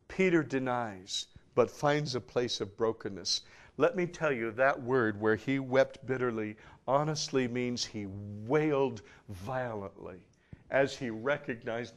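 A man preaching a sermon, emphatic, swinging from loud passages to hushed ones with dramatic pauses. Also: mid-range voice, animated.

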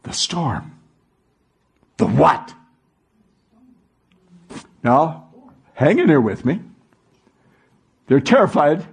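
Husky, animated preaching man. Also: on the high side, extremely slow, pauses often. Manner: animated preaching with call-and-response questions. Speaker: pastor. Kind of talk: sermon.

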